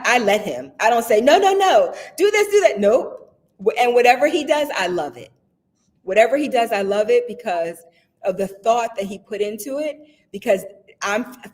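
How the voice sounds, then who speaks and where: A woman guest in casual conversation who tells stories with energy, acts out what people said, and laughs often. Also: mid-range voice. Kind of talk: casual chat.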